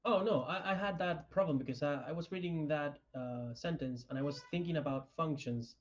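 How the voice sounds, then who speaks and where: A man who is a student asking his teacher a question in an unsure, halting way. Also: fairly high pitch. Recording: dull lo-fi sound.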